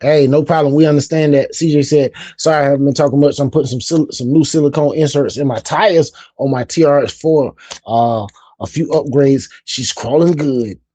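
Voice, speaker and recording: A man's voice: fairly high pitch, fairly even intonation, moderate pace, warm tone, dry recording. Laid-back man hosting a live stream. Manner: laid-back, chatty, repeats phrases. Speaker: livestream host. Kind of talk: casual live-stream chat.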